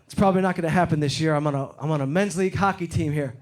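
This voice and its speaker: A middle-aged man from Detroit doing a stand-up comedy set on stage, getting loud and animated when he acts out other people. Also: on the high side, very fast. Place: comedy stage before a live audience. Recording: live show with loud crowd laughter. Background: crowd laughing.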